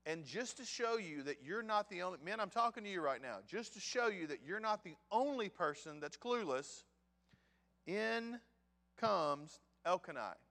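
Pastor guy telling a bible story like he's just chatting, kinda high voice, long echo in a big hall. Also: expressive, moderate pace, bright, forceful tone. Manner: conversational, storytelling, addresses men directly. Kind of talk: sermon.

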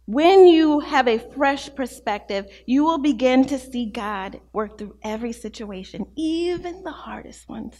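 Female preacher, high voice, impassioned testimonial sermon, long hall echo. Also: a little slow, few pauses. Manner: impassioned, testimonial, rising and falling between hushed and loud.

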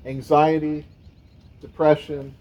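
A man's voice: fairly high pitch, little pitch movement, slow pace, highs cut off. A man preaching a sermon in a conversational way, with casual asides to the congregation. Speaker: pastor.

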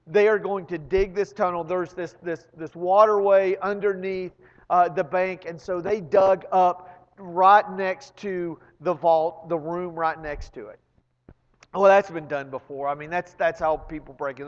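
A pastor preaching a sermon, telling a story that builds to loud emphatic peaks and often repeating words as he restarts. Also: high-pitched. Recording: long reverb, dull lo-fi sound.

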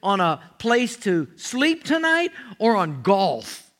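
An earnest, kindly businessman who speaks emphatically and sincerely, as a male preacher plays him in a sermon joke. His voice is fairly high and bright. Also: sing-song, slow, heavily acted.

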